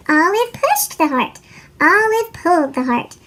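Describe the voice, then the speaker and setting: A woman reading a children's picture book aloud in an animated storytelling manner, her voice sped up into a chipmunk pitch. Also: a little slow. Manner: animated, sing-song storytelling. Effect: sped-up chipmunk pitch shift. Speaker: storybook reader.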